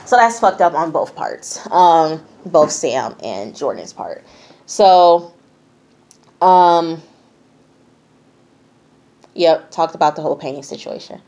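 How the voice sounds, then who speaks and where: A woman's voice: low-pitched, lively intonation, slow, long pauses, darkish tone. Blunt, profane woman recapping a show. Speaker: TV reviewer. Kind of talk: casual vlog commentary.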